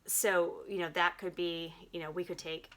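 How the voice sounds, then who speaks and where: A middle-aged woman hosting a self-help video, talking reflectively with gentle, musing delivery and many fillers. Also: on the low side, little pitch movement, normal speed. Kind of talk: reflective talk to camera.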